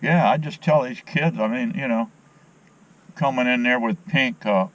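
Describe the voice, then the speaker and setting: A man's voice: mid-range voice, moderate pace, a bit bright, rough recording. A middle-aged man chatting in a folksy, rambling way while fishing outdoors on a dock, talking to the camera on a handheld phone. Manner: folksy, rambling, opinionated, many fillers. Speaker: fishing vlogger. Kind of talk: casual rambling vlog chat.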